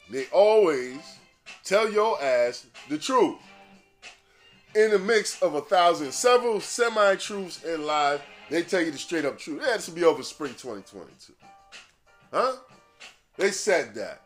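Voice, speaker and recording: A man hosting a podcast in a casual, rambling monologue, swearing freely and laughing at his own jokes. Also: a little high. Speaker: podcast host.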